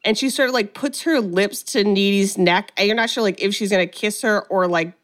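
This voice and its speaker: A woman co-hosting a podcast, casually recapping a film and acting out the quotes with lively energy. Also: medium pitch, a little fast. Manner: animated storyteller, acts out quotes. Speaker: podcast co-host.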